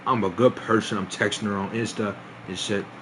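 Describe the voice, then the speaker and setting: A man's voice: lowish voice, fairly even intonation, fairly quick, background noise. A young man streaming a casual storytime, laughing often and restarting his sentences in slangy talk.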